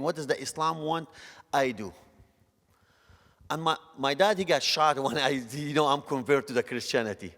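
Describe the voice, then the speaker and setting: A man's voice: fairly high pitch, normal speed, long pauses, fairly bright tone. A man from northern Iraq, giving an earnest personal conversion testimony in broken English. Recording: long reverb of a hall.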